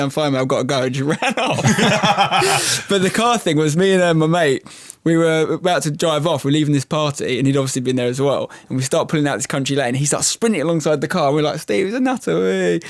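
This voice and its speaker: Young man from England, guest on a podcast, lively storyteller, slightly raised voice, dry close sound. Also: fairly high pitch, no echo. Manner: animated anecdote telling with laughs. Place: podcast studio.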